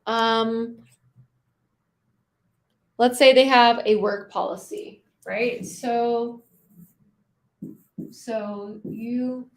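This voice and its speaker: A young adult woman coaching sales in a casual, conversational way, slowing down and pausing to stress key words. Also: fairly high pitch, fairly even intonation. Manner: conversational, slows down and pauses for emphasis. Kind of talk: casual teaching with spoken sales examples.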